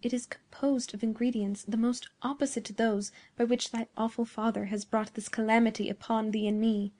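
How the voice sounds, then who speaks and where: A woman voicing an earnest young male lover in a storybook reading, speaking in a hushed, half-whispered way. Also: on the high side, level tone, moderate pace, lightly acted. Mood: tender.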